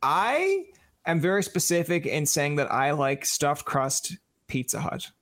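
A man's voice: on the high side, unhurried. A man hosting a podcast who chats casually and animatedly, acting out the voices of people in his stories. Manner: animated storyteller, acts out quoted voices. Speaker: podcast host.

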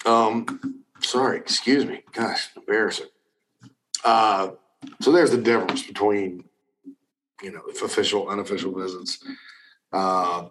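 A man's voice: on the low side, a bit bright, rough recording. A middle-aged man hosting a casual talk show, answering viewer questions in a rambling way with many restarts and fillers. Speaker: recruiting analyst host.

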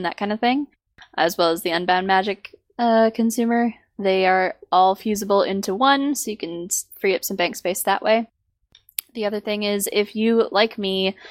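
A woman's voice: medium pitch, dry recording. A woman co-hosting a casual gaming podcast, chatty and self-correcting as she shares tips. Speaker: podcast co-host.

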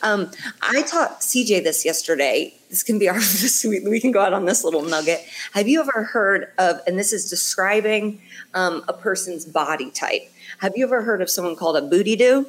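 A woman from Indiana, a comedian co-hosting a casual sports podcast, candid and animated with frequent laughter. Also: medium pitch, moderate pace, slight background noise. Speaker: comedian and co-host.

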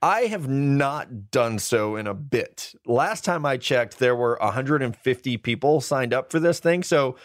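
A man in his thirties hosts a sports podcast in an upbeat, joking way, full of quick asides. His voice sits at a middle pitch. It is close-miked in a dry studio with no room sound. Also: expressive, no echo. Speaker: podcast host. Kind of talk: casual sports podcast chat.

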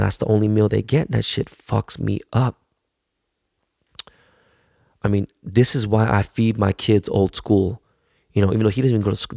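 A middle-aged man with a gravelly, fairly low voice, ranting bluntly with heavy swearing and stumbling repeats as he gets heated. The sound is dry and close, with almost no room echo. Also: darkish tone. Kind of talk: profane casual rant.

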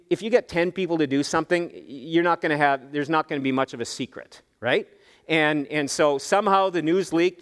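A pastor with a voice on the high side preaches a sermon, telling the story in a lively way and acting out the voices of its characters. A long reverb tail trails his words.

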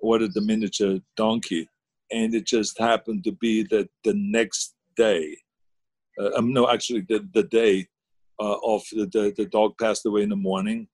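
A man's voice: on the low side, level tone, moderate pace, a little mellow, breathy edge, no echo. A man, chatting casually as a guest on a video call, rambling with many fillers and restarts. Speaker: guest, former governor.

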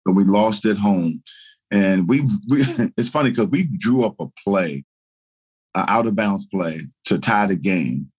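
An older man tells stories in casual conversation. He is animated and laughs easily. His voice sits a little low. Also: measured pace, husky. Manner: animated storyteller, laughing through anecdotes. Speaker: guest, retired basketball player. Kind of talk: casual storytelling chat.

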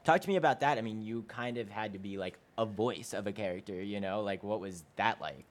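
A woman's voice: a bass voice, a little fast. A woman hosting a podcast who asks her questions in a loose, casual way, full of fillers. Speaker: podcast host. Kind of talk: casual interview.

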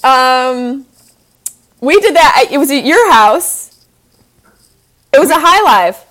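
A high-voiced woman chatting casually and teasing her co-host. Her pitch leaps around as she giggles through the banter. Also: lively intonation, slow, fairly bright tone. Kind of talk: casual comedic chat.

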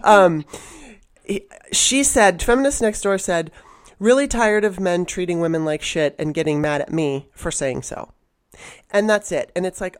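A woman's voice: on the low side, normal speed, no room sound. A woman in casual conversation, telling a story bluntly and animatedly, swearing as she goes. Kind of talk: casual chat.

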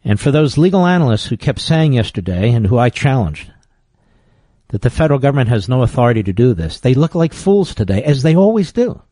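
A man's voice: mid-range voice, very animated, brisk, mellow, no echo. A man hosting political talk radio, combative and emphatic in his commentary, often scornful. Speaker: radio talk show host.

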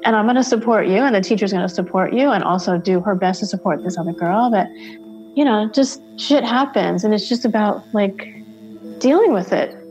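A woman's voice: mid-range voice, brisk, a little mellow, soft background music. A middle-aged woman, a mother of two, telling a candid personal story in rambling, hesitant bursts and acting out the dialogue she remembers. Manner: rambling, acts out quoted dialogue, hesitant restarts.

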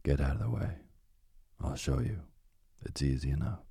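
Bossy old witch, mean and greedy, real deep and gravelly, a guy reading her. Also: moderate pace, warm tone, no room sound, exaggerated voice. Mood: scolding. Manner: scolding, bossy.

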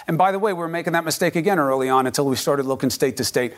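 A man anchoring a cable news interview, pressing his guest in a forceful, argumentative way. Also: on the high side, rapid-fire, hardly any pauses.

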